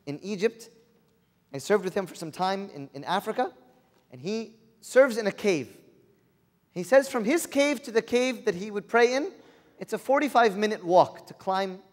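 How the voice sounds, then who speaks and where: High-voiced man preaching in a reverberant hall. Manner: earnest, asks the listeners rhetorical questions. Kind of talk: sermon. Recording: long reverb of a large hall.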